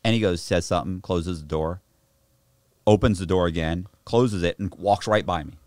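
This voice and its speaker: A man telling a story to a podcast host, animated and full of slang and restarts, in a studio. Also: low-pitched, normal speed, no room sound. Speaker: podcast guest. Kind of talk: casual storytelling.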